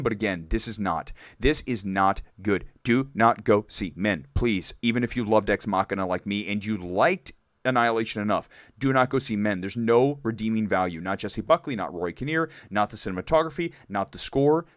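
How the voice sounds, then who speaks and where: Candid low-voiced man hosting. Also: a little fast, no echo, clean studio sound. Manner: animated and candid, rambling asides. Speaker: movie talk show host. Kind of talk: live-stream chat reading viewer comments.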